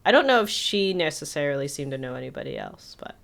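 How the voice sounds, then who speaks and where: A woman co-hosting a casual podcast, retelling a film plot with lively acted-out quotes. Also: low voice, fast, creaky. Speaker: podcast co-host.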